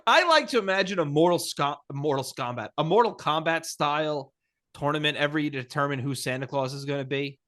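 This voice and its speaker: Lively, bright-voiced man joking around. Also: fairly high pitch, brisk. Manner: joking, animated, runs quiz questions. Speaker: podcast co-host. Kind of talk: casual chat.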